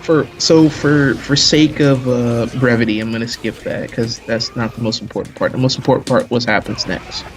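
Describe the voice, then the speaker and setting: A man telling a long story in casual chat during a live game stream, animated and full of slang. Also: mid-range voice, normal speed, hardly any pauses, a little hiss or hum. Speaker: stream commentator.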